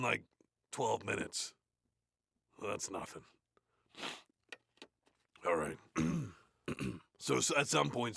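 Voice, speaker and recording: Nathan Explosion, a gravelly metal growl. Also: male voice, on the low side, pushed and bright, dry recording, clean studio sound, heavily acted. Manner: bored, crude, swearing, mumbling asides. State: sore throat. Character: gruff, grumbling male death metal frontman. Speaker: reader of a play. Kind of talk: comedic in-character reading.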